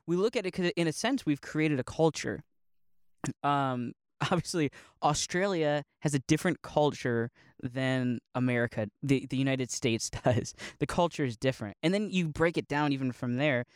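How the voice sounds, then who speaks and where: Young guy, loose rambling monologue, laughs often, bit high, dry close mic. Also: moderate pace, clean tone, no echo. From Northeast Ohio. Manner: rambling, laughs often, many likes and restarts. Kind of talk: casual monologue.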